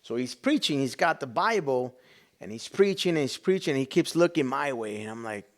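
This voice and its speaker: Animated storytelling man, hushed asides. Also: medium pitch, brisk. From Chicago, USA. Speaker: guest, business owner and pastor. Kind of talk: personal storytelling in a podcast interview.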